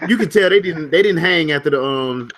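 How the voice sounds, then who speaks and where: A man's voice: a little high, expressive, fairly quick, fairly bright tone, slight background noise. A man co-hosting a gaming podcast, chatting casually, laughing often and rambling through restarts. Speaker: podcast co-host. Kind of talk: casual chat.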